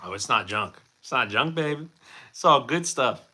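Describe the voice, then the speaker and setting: With a pushed, bright, medium-pitched voice, a livestream host answers chat at a moderate pace, sounding animated. He's chatty and rambling, full of fillers and self-deprecating jokes.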